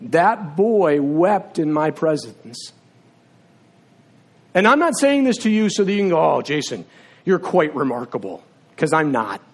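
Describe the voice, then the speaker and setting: A man's voice sitting a little high for a man carries a sermon in a church sanctuary. He tells stories in a relaxed, conversational way, like a teacher talking to a class. When he leads the room in prayer, he drops into a low, hushed voice. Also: measured pace, pauses often. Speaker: preacher. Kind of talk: sermon with personal storytelling and prayer. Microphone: filmed on camera while preaching.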